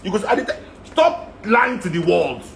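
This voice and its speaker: Nigerian guy going off, pitchy voice, rhetorical questions one after another. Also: sing-song, moderate pace, gravelly, noisy background. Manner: heated, rhetorical, repeating questions. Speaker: speaker in a talk. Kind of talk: impassioned rant.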